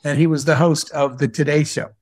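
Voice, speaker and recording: A man's voice: fairly high pitch, fairly quick, slightly rough, no echo. Upbeat storytelling man, dry close sound. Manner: animated storyteller who acts out dialogue. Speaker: guest speaker and entrepreneur. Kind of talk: storytelling in a live Q&A talk.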